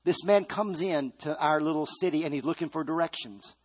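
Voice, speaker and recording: A man's voice: fairly high pitch, brisk. A man preaching a sermon, earnestly retelling a story with quoted dialogue.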